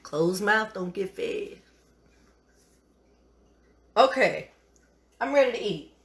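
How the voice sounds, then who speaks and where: A woman's voice: medium pitch, animated, slow pace, slight background noise. A middle-aged woman hosting a live cooking show, encouraging and a bit preachy, calling her viewers honey as she chats.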